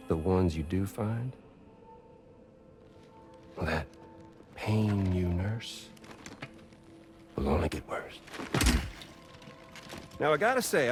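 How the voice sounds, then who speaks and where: A gleefully mocking villain in a game cutscene, drawling his taunts with a lot of swing in the voice. The pitch runs fairly low, and he laughs at his own jokes. Soft music plays behind him. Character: taunting theatrical male villain.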